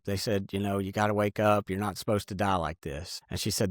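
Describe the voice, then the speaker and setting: A man giving an earnest, halting personal testimony in an interview. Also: low voice, little pitch movement, no echo, clean studio sound.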